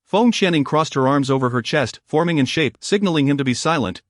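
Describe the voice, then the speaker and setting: A man narrating a fantasy story in an even, formal reading style. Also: mid-range voice, brisk, hardly any pauses, dry recording, clean studio sound.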